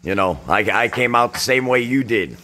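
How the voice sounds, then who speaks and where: A man's voice: medium pitch, expressive, moderate pace, bright, forceful tone. A middle-aged man, a father and host, chatting with his own father in a joking, teasing way. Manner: joking, teasing, mock-offended. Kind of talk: casual chat.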